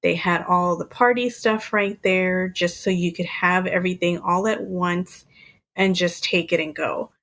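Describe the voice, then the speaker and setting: A woman's voice: on the low side, steady tone, measured pace, fairly bright tone. A woman in her thirties co-hosting a podcast, chatting casually and laughing often as she recounts things. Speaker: podcast co-host. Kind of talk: casual chat.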